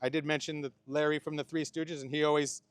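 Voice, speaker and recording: A man's voice: a little high, little pitch movement, quick pace, clear, resonant tone, no room sound. A middle-aged man officiating a wedding as the bride's uncle, mixing playful jokes with heartfelt advice. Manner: joking, playful asides between heartfelt advice. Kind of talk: wedding ceremony speech.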